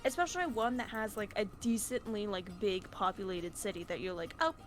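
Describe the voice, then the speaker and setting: A woman's voice: mid-range voice, a little fast. A woman streamer chatting casually from home, rambling with lots of fillers and restarts. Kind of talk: casual chat. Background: music.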